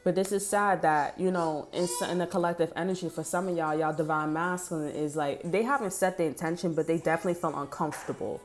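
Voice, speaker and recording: A woman's voice: fairly low pitch, fast, hardly any pauses, faint music behind. A woman giving a casual spoken tarot reading, blunt, heated and full of swearing. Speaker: tarot reader.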